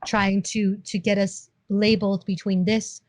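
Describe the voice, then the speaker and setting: A woman's voice: mid-range voice, level tone, a little slow, no echo. A woman co-hosting a podcast in casual chat, chatty and self-teasing. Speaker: podcast co-host.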